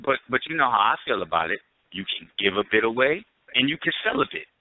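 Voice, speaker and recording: A man's voice: medium pitch, sing-song, fast, no room sound. A man co-hosting a casual chat, joking and teasing with emphatic delivery. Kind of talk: casual chat on a call-in show. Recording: noisy tinny phone line.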